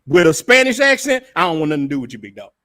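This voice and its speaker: A man on a livestream panel bantering in an animated, teasing way. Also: a little high, rapid-fire, dry recording, studio quality.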